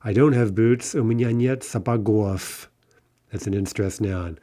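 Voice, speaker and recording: A man's voice: on the low side, unhurried, warm tone. A man teaching a recorded language lesson, explaining endings step by step and often checking in with "right?" between examples.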